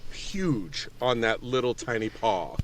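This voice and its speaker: A man's voice: mid-range voice, slow, a little hiss or hum. A man narrating as game master of a tabletop game, laughing often and telling the action with lots of energy. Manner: laughing, animated storytelling.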